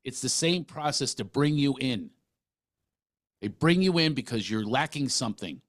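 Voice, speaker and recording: A man's voice: mid-range voice, animated, moderate pace, no room sound, studio quality. A middle-aged man hosting a podcast, talking earnestly and emphatically, often restarting his sentences. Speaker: podcast host. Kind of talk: casual interview talk.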